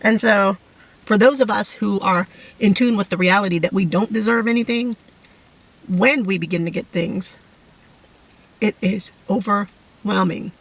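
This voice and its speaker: A middle-aged woman giving an emotional personal testimony to camera, halting and fighting back tears. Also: mid-range voice, distant mic, rough recording. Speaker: vlogger sharing a testimony.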